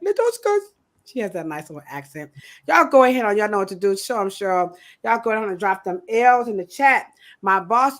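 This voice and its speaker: Woman, podcast host, playful and animated, casual livestream chat. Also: mid-range voice. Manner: animated, playful, acts out quoted voices.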